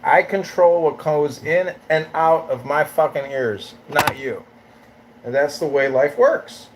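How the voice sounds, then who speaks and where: A man's voice: a little high, slow, a little hiss or hum, rough recording. A man hosting a live audio chat room, ranting in a profane, taunting, swaggering way.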